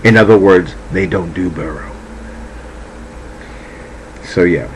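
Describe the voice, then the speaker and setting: Chatty lower-voiced man, home vlog, meandering, faint background hiss. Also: slow pace, rough recording. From New Jersey. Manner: chatty, meandering, swears freely. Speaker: vlogger, psychic. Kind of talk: casual rambling chat to camera. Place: at home, indoors.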